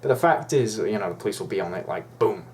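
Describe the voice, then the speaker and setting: A man's voice: fairly low pitch, lively intonation, quick pace, darkish tone, slight background noise. A young man ranting in a vlog, profane, indignant and rambling. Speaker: YouTuber.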